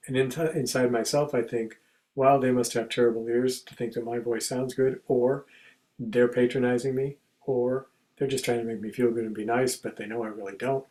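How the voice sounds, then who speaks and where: A man giving a contemplative spiritual talk in a conversational way, acting out everyday examples as quoted speech and going soft and quiet on key phrases. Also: medium pitch, fairly even intonation, normal speed, low-quality recording. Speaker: spiritual teacher and speaker.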